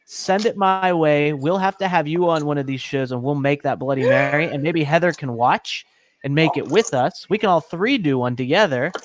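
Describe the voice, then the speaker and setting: An upbeat man hosts a relaxed cooking chat from his kitchen, his voice sitting a little high for a man. He talks warmly and easily with his guest and his viewers. A faint hiss runs under the recording. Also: normal speed. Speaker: host. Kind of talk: casual chat while cooking on a live stream.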